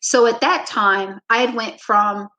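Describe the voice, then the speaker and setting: A woman's voice: on the high side, measured pace, dull audio. Woman coach telling a reflective story. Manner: relaxed, reflective storyteller who acts out her own past lines; frequent "you know" fillers. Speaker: basketball coach, podcast guest. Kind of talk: storytelling in a conversational interview.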